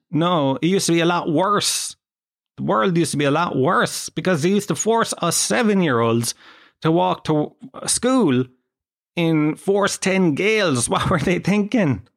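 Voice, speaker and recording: An Irish man with a Kerry accent rambles through a comic monologue. He is sarcastic and sprinkles in a lot of swearing, and his voice sits a touch high for a man. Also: animated, moderate pace. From Tralee, Ireland. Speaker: comedic monologue host.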